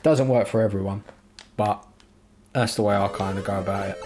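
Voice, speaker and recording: A man's voice: lowish voice, steady tone, moderate pace, long pauses. A man streaming a video game, chatting casually, joking and thanking his viewers. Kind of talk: casual live-stream commentary. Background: game music.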